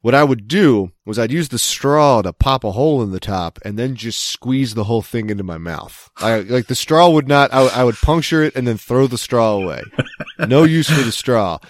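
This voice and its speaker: A man's voice: medium pitch, lively intonation, normal speed, dry recording, studio quality. A man co-hosting a podcast, rambling and joking in casual chat, swearing now and then. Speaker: podcast co-host.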